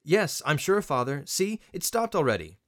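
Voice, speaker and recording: An eager, anxious young son, with a raised, lively voice that wavers and questions, as an audiobook narrator puts him on. He sounds hesitant and unsure. The storybook reading is animated. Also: a little high, moderate pace, pitched above the performer's own voice. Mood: unsettled.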